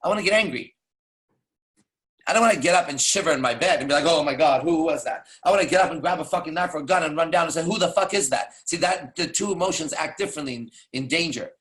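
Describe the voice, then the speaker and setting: A male dating coach delivers a blunt, profane, casual monologue, tacking "right?" or "okay?" onto nearly every point. His voice is a little high and a bit bright, and he talks quickly.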